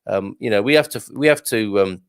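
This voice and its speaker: Gravelly-voiced chatty male show host. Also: lowish voice, brisk, no echo. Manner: chatty, jokey, with frequent fillers and restarts; reads viewer comments aloud. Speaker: livestream show host reading viewer comments. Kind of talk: casual live chat.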